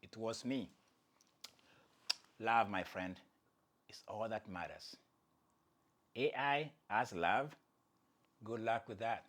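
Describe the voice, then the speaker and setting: A man's voice: fairly low pitch, slow pace, pauses often, fairly bright tone. A man hosting his own channel, giving casual, playful commentary with chatty asides to viewers and jokes at his own expense. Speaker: athletics commentator and channel host.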